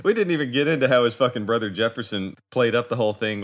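A man's voice: medium pitch, lively intonation, quick pace, few pauses. A man co-hosting a podcast who swears freely and laughs between remarks. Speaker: podcast co-host. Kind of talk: casual chat and podcast outro.

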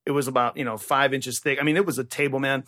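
A man's voice: medium pitch, quick pace. Man swearing in casual podcast banter. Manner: profane, rambling, animated. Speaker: podcast co-host. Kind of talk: casual comedic chat.

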